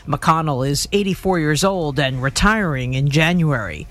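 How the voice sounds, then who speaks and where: A woman filing a crisp, matter-of-fact radio news report. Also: deep voice, normal speed, hardly any pauses, no room sound.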